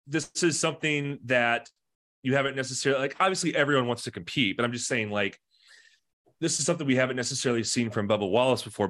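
A man's voice: mid-range voice, a bit bright. A man co-hosting a casual podcast chat, talking things through with lots of "you know" and his voice rising when he makes a point. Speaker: podcast co-host. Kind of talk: casual chat about motor racing.

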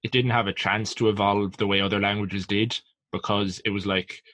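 Irish guy in his 20s, bright sharp voice, pretty flat, says "like" nonstop, dry close sound. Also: fairly low pitch, moderate pace, no room sound. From Ireland. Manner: loose and rambling, heavy use of "like". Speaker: podcast co-host. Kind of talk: casual podcast chat.

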